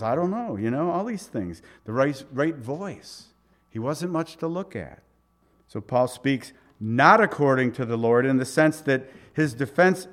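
A man preaching a verse-by-verse sermon, conversational and emphatic, with off-hand asides and touches of sarcasm. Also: mid-range voice. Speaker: pastor. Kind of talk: expository sermon.

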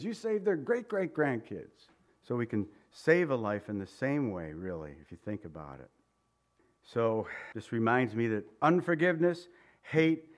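A man preaching a sermon, swinging between loud emphasis and soft, quiet lines, asking the congregation direct questions in a conversational way. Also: mid-range voice. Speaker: pastor.

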